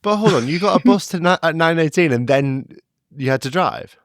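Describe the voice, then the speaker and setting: A man's voice: a little high, lively intonation, brisk, dry recording. A man co-hosting a travel podcast, teasing his co-host with dry, sarcastic jokes. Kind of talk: casual podcast banter.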